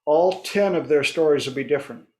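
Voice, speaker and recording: A man's voice: a little high, fairly quick, warm tone. A man hosting a casual group discussion, telling stories and acting out his clients' voices. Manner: storytelling, acts out clients' voices. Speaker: host.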